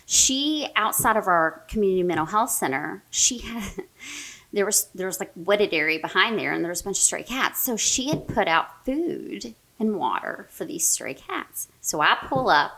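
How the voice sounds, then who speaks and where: Animated woman telling a story. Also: medium pitch, normal speed, creaky. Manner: animated, many fillers like "right?" and "like". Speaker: mental health therapist, guest. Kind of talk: casual storytelling in a podcast interview.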